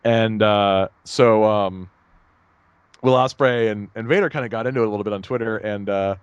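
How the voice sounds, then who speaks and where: Podcast guy rambling n laughing, lowish voice, super dry sound. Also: normal speed, clean tone, no room sound, lo-fi sound. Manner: rambling, animated, laughs at own jokes. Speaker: podcast co-host. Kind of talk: casual chat.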